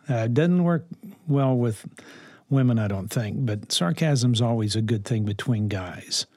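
A man giving parenting advice in a reflective, earnest talk, unhurried and touched with dry humor. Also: mid-range voice, warm tone, dry recording. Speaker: parenting speaker.

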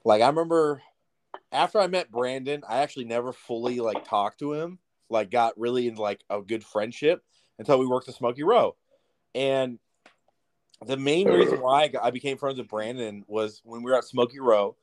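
A young man co-hosting a podcast, telling a story in casual, profane, animated chat. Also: mid-range voice, normal speed. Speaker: podcast co-host. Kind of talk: casual storytelling over beers.

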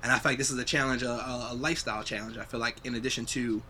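A man's voice: mid-range voice, fairly even intonation, racing, sharp tone, a little hiss or hum. A young adult man hosting a podcast, chatting casually and reflectively, swearing freely. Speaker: podcast host. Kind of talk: casual chat.

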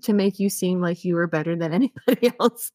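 A woman's voice: lowish voice, fairly quick, a little mellow, no echo, studio quality. A woman co-hosting a podcast in casual chat, teasing and giggling. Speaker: podcast co-host.

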